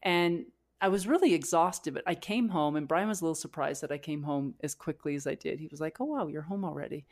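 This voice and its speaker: A woman with a low, deep speaking voice shares a personal story on a podcast. She talks candidly and emotionally, rambling and restarting her sentences as she goes. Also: brisk, few pauses, a little mellow. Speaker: podcast co-host.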